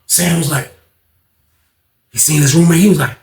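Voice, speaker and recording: A man's voice: on the high side, moderate pace, vocal fry, darkish tone. A man casually telling a storytime tale in slang, animating it with acted-out dialogue. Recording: roomy echo.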